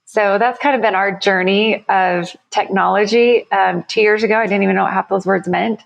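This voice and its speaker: Gravelly-voiced woman founder explaining. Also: medium pitch, steady tone, moderate pace. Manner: enthusiastic, explanatory, self-correcting. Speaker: company founder, guest. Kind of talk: podcast interview.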